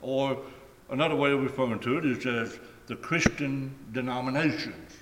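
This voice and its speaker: A man preaching a sermon in a deliberate, emphatic way, stretching key phrases and letting them fall away at the ends. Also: medium pitch, background noise. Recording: echoey hall with long reverb.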